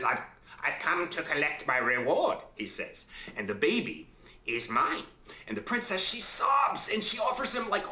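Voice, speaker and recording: An actor playing a man who tells a child a fairy tale in a lively bedtime-story way, stretching out words for effect. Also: mid-range voice. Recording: roomy echo.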